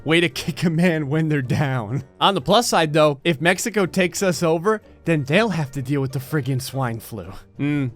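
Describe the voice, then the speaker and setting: A man's voice: on the high side, expressive, normal speed, few pauses, faint music behind. A young man from New Jersey giving casual, sarcastic commentary on a strategy game, joking and laughing often. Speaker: gameplay commentator.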